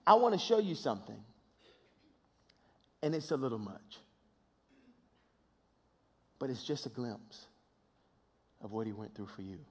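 A man preaching a sermon, swinging between hushed, near-whispered passages and loud, impassioned shouting, often repeating words as he builds. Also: mid-range voice, sing-song, measured pace, long pauses. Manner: repeats words and restarts phrases in bursts.

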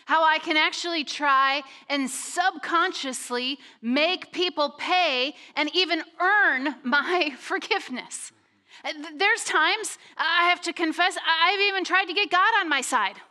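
A woman sharing a slow, personal, confessional reflection during a sermon. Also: extremely high pitch, bright, forceful tone.

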